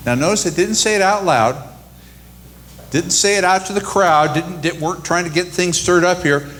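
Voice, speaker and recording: A man's voice: high-pitched, moderate pace, a bit bright. A man preaching a sermon and retelling scripture in a casual, storytelling way. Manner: conversational storytelling. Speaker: pastor.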